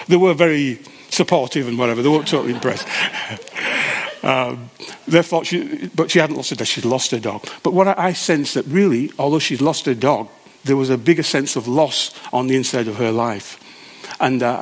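Halting male preacher. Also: mid-range voice. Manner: conversational, halting with restarts. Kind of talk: sermon storytelling.

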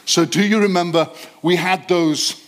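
Slightly high-voiced man preaching a sermon. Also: fairly even intonation. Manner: interactive, quizzes the congregation; slows and stresses words in scripture reading. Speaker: pastor. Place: church service.

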